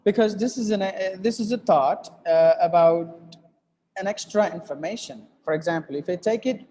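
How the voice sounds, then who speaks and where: A man's voice: high voice, moderate pace, dark tone, in a large hall, slight background noise. A man teaching an English lesson while writing on a board, with many fillers and restarts, often repeating "look at that.".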